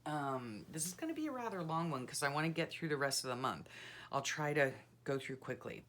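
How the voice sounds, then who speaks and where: A woman's voice: low-pitched, expressive, brisk, fairly bright tone. Chatty, giggly middle-aged woman. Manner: chatty and giggly, with frequent ums and exclamations. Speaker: journaling channel host. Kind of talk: casual chat while flipping through a journal.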